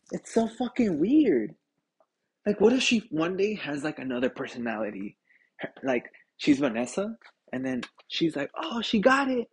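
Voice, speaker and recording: A man's voice: high voice, vocal fry, husky. A young man hosting a casual podcast, telling stories and ranting with lots of swearing, laughter and calling the listener dude. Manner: animated, swearing, laughing often, says dude a lot. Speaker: podcast host. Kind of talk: casual solo podcast rant.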